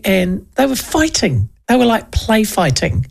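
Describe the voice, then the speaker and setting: Woman, New Zealand accent, talk radio host, gravelly, chatty and rambling. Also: mid-range voice, big pitch swings, measured pace, hardly any pauses. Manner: rambling, chatty, with many restarts. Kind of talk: casual talk radio chat and news rundown.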